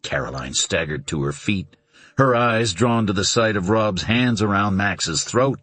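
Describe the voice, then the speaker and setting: A man narrating a suspense novel in a deliberate, dramatic reading. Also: fairly low pitch, animated, fairly bright tone, no echo. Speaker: audiobook narrator.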